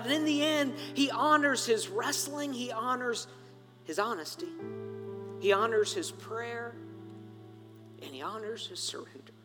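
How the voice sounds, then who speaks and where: A man preaching a sermon as pastor, dramatic, swinging from stressed words to hushed near-whispers and asking rhetorical questions. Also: extremely high pitch. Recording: long hall reverb, faint music behind.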